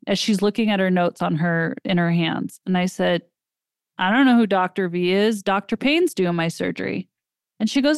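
Woman host, smooth clear voice, dry close sound, animated storytelling with acted-out quotes. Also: on the low side, moderate pace, no room sound. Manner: animated retelling, acts out quoted dialogue. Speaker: podcast host. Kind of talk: personal storytelling.

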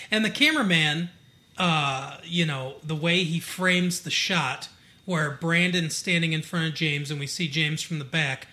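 A man's voice: a little high, a little slow, pushed and bright. A man from Michigan co-hosting a podcast, recapping a TV episode in a rambling, casual way full of fillers and asides. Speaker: podcast co-host.

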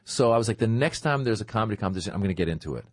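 A middle-aged man, a comedian, telling a casual anecdote as a guest and acting out his own past thoughts in lively quotes. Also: on the low side, racing, dry recording, studio quality.

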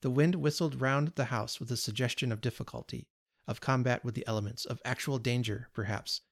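A man reading a classic story aloud in a steady, measured narration. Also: mid-range voice, creaky. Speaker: podcast story reader.

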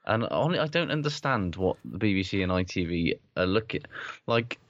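A man's voice: low-pitched, animated, normal speed, no echo. A man co-hosting a podcast, talking sport in a blunt, sweary, opinionated way. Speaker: podcast co-host. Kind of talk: casual sports chat. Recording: dull lo-fi dry recording.

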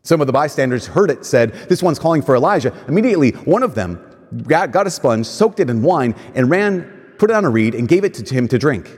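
A man preaching a sermon, reading scripture aloud with expressive, dramatic pauses. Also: fairly high pitch, slightly rough. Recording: reverberant hall.

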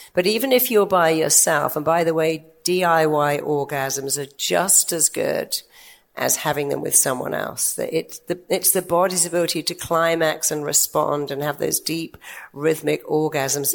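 An older woman therapist giving a lively talk to an audience, telling stories about her clients. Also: low voice, vocal fry. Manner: lively storytelling with quoted clients. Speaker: therapist and speaker.

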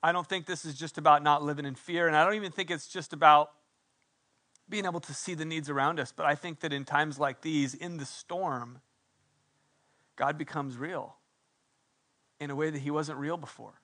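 Preaching at a normal speed with frequent pauses, a middle-aged pastor sounds passionate, his high voice ringing and his tone steady. Loud, insistent declarations give way to hushed, intimate moments meant to pull the listener closer, and the bright quality sharpens his emphasis so it carries.

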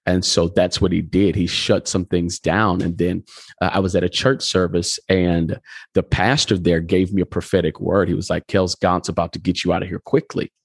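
A man's voice: low-pitched, moderate pace, creaky, husky, dry recording, studio quality. A pastor telling his story in a conversational interview, acting out the dialogue as he goes. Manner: animated storyteller, acts out dialogue.

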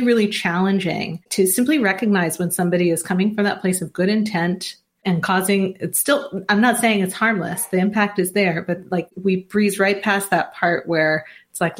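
A woman in her forties, a communication consultant, telling a story in a relaxed interview with frequent laughs and fillers. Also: medium pitch.

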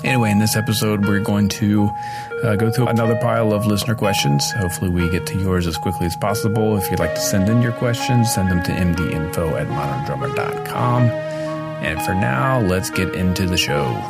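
Relaxed male podcast host, lowish voice, loud music underneath. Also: fairly quick. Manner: easygoing, laughs along. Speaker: podcast host and magazine editor. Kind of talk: podcast host intro and chat.

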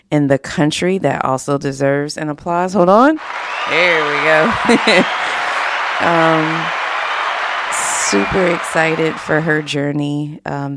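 Woman podcast host, casual solo talk, gravelly yet smooth voice, dry close mic. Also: deep voice, dry recording. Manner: chatty and candid, with frequent fillers and laughs.

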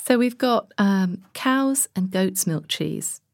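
A woman's voice: mid-range voice, lively intonation, slow, creaky, no room sound. A woman presenting on a podcast in a studio, talking enthusiastically. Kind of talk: casual studio chat.

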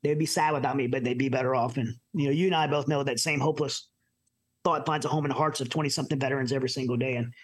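A middle-aged man from the United States telling his personal story as an interview guest, earnest and halting with many restarts. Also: mid-range voice, fairly even intonation. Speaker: podcast guest.

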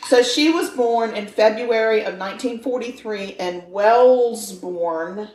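A woman's voice: a little high, measured pace, darkish tone, echoey room, poor audio. A middle-aged woman co-hosting a podcast, chatting casually and telling a true-crime story with a playful, joking manner. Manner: playful, jokey, teasing. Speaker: podcast co-host.

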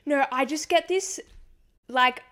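A woman's voice: high voice, slow pace, pushed and bright. A young woman co-hosting a podcast in casual, rambling chat with many fillers. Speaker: podcast co-host.

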